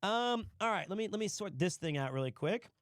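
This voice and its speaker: A man's voice: high voice, expressive, a little fast, dry recording, studio quality. A young adult man hosting a stream, chatting casually with profane, joking banter. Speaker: streamer host.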